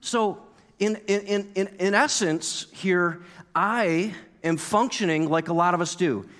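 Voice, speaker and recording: A pastor from New York giving a sermon, telling a story and acting out his own past outburst with lively energy. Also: high voice, unhurried. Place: church sanctuary. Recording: long reverb of a church hall.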